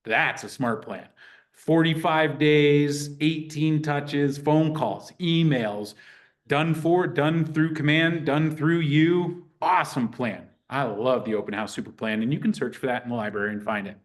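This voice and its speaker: A man teaching a real estate class in a lively, conversational way, acting out sample phone calls. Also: fairly high pitch, unhurried. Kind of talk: teaching a live workshop.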